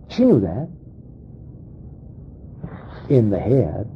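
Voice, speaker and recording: A man preaching a sermon, dramatic, acting out quoted voices with sharp swings in pitch and pace. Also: a little hiss or hum. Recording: dull lo-fi sound.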